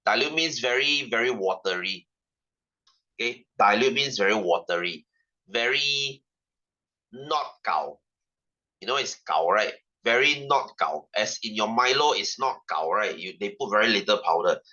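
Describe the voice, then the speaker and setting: Brief: young Malaysian man, online science tutor, low and bright, dull lo-fi audio, chatty and repetitive. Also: lively intonation, measured pace. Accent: Malaysian English. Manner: chatty, repeats lines, checks in with students. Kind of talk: casual online science lesson.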